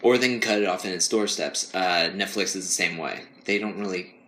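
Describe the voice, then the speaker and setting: Low, bright-voiced young man, casual chat. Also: a little fast. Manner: rambling, laughs often, mocks whiny voices. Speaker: podcast co-host.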